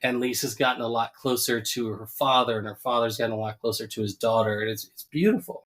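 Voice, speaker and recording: A man co-hosting a podcast, casually recapping a cartoon episode, laughing often and jumping into higher voices to quote characters. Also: fairly even intonation, fast talker, fairly bright tone. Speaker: podcast co-host.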